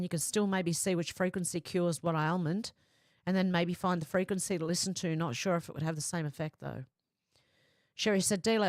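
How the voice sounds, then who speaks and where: A woman's voice: fairly low pitch, dry recording, studio quality. A woman hosting a live stream, reading viewers' comments aloud and chatting back to them casually. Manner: chatty, reads comments in a flat running voice with asides.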